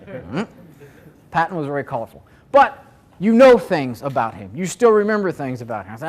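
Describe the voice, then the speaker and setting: A man's voice: a little high, very animated, brisk. A man presenting a marketing seminar to a live audience, talking conversationally and asking the room questions.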